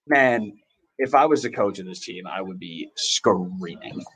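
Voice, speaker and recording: A man hosting a podcast, rambling casually and reacting excitedly while he watches a match live. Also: low voice, a little slow, slight background noise, rough recording. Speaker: podcast host.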